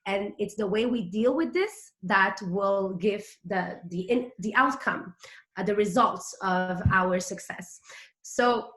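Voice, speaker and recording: A woman's voice: mid-range voice, slow pace, fairly bright tone, roomy sound. A woman in her thirties with a Quebec French accent, a native French speaker, giving a chatty, hyper motivational business talk as a guest speaker, full of fillers.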